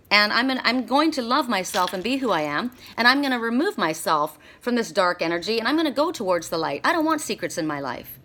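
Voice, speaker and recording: A woman reads oracle cards for her viewers in an earnest, encouraging way, circling back to repeat her words for emphasis. Her voice is bright and clear, and her pitch sits in an ordinary middle range. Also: a little hiss or hum. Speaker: oracle card reader. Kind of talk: spiritual card reading.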